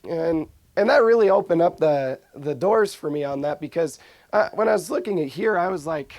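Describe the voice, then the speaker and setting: A man's voice: on the high side, lively intonation, moderate pace, creaky, a little mellow, no room sound. A young man giving an informal, earnest talk on scripture, often restarting his sentences. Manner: earnest, frequent restarts and fillers. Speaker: religious speaker.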